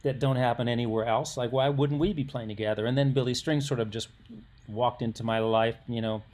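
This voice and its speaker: A man's voice: mid-range voice, steady tone, a little fast, a little mellow. A man in his sixties, a musician guest, telling long rambling anecdotes in a casual interview, often stopping to restart. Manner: rambling, self-interrupting anecdotes with acted quotes.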